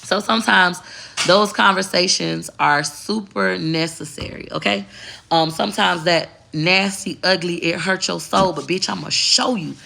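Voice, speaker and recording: A woman vlogger delivers a preachy, profanity-laced rant straight at her audience. Her voice is strongly gravelly and fried, with a bright, forceful edge. She flips easily between street slang and a careful proper tone. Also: on the low side, measured pace, a little hiss or hum. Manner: emphatic and preachy. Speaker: content creator. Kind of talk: casual vlog rant to viewers.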